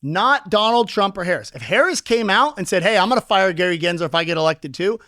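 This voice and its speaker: High-voiced man explaining energetically. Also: no room sound, studio quality. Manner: energetic, explains with homely analogies, acts out quick quoted voices. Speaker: crypto investor guest. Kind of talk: casual podcast interview.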